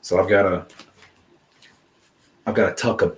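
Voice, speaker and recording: A man co-hosting a casual podcast chat over a video call, talking in a relaxed, rambling way with lots of fillers. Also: deep voice, unhurried. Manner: laid-back, chatty, lots of fillers and laughter. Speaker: podcast co-host.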